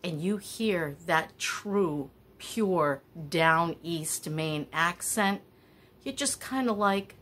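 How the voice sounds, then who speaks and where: A middle-aged woman telling stories in a chatty, wandering way with animated asides. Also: lowish voice, extremely slow. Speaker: vlogger. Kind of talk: casual storytelling.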